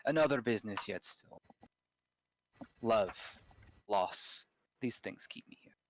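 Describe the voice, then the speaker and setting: A man voicing a brooding, imperious vampire lord, speaking slowly and formally with a put-on accent. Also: fairly low pitch, expressive, low-quality recording. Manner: slow, formal, measured speech with a put-on accent.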